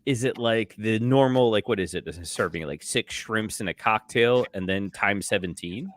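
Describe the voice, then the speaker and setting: A man's voice: fairly low pitch, moderate pace, a little hiss or hum. A young man co-hosting a casual beer podcast, rambling through crude jokes and stories. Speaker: podcast co-host.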